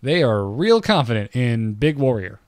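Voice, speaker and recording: A man hosts a podcast about a card game and reads card text aloud in a measured, even voice. The recording is dry and close to the mic, with no room sound. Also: medium pitch, dry recording. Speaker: podcast host. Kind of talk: casual card game discussion.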